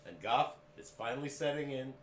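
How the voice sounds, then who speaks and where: Steady plain-spoken male sports talker. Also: mid-range voice, fairly quick, echoey room, a little hiss or hum. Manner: steady, plain-spoken, reels off team records. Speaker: podcast co-host, father of the other host. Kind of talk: casual sports chat.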